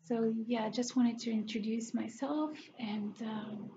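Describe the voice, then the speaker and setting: Slow, gravelly-voiced woman vlogging. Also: a little high, fairly even intonation, dark tone, lo-fi sound, slight background noise. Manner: halting, earnest, pausing often. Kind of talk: personal video diary.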